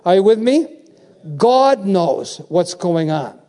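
A man in his seventies preaches with a high-pitched, mellow voice. He drives his points home with repeated phrases and keeps checking in with the congregation. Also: sing-song, slow. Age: 70s. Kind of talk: sermon.

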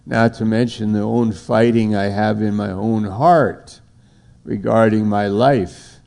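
A man's voice: fairly low pitch, gravelly, warm tone. A man preaching an informal sermon, rambling and conversational. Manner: rambling, conversational, acts out little dialogues.

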